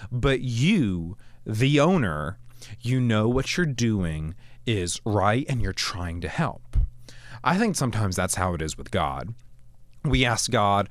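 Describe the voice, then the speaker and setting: Animated man hosting a Christian talk show. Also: fairly low pitch, measured pace, no room sound. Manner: conversational, animated, restarts often. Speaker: podcast host. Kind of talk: casual Christian commentary.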